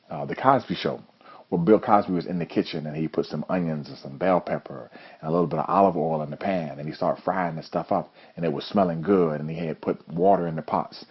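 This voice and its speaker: Husky deep-voiced man with motivational talk. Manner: earnest storytelling. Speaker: judo coach and host. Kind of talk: motivational monologue. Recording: dull lo-fi recording.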